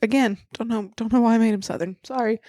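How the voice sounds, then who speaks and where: A woman's voice: fairly high pitch, fairly even intonation, warm tone, dry recording, studio quality. A woman co-hosting a podcast, chatting casually about a movie and laughing often. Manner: giggly, quick to laugh. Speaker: podcast co-host.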